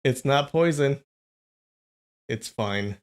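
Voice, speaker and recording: A man's voice: mid-range voice, animated, takes it slowly. A young man chatting casually on a live stream, rambling and answering viewers' comments.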